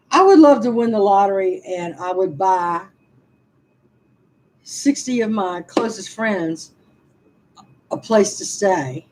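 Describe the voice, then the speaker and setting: A woman's voice: mid-range voice, darkish tone, slight background noise, rough recording. A woman, venting frankly to viewers on a casual livestream and answering their comments with laughing asides. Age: 60s. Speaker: livestream vlogger reading comments.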